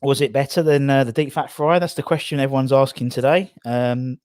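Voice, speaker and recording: A man's voice: medium pitch, fairly even intonation, a little fast, darkish tone, no echo. A man from England hosting a casual live stream, rambling and out of breath as he reads out viewer comments. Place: garage.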